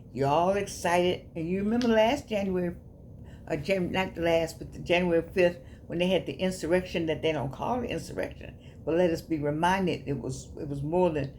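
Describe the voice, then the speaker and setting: A woman's voice: lowish voice, a little mellow, slight background noise. A woman giving a casual, heartfelt talk to her viewers, repeating and stumbling over her words in a preacherly way. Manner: repetitive, stumbling, emotional, preacherly. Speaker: author and host giving a daily talk.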